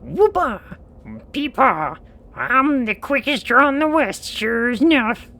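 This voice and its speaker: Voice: medium pitch, sing-song, measured pace, pushed and bright, exaggerated voice. A streamer voicing a boisterous old-west cowboy who talks in a folksy drawl while playing a video game. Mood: rowdy. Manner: twangy drawl, folksy slang. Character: high-pitched boisterous cowboy.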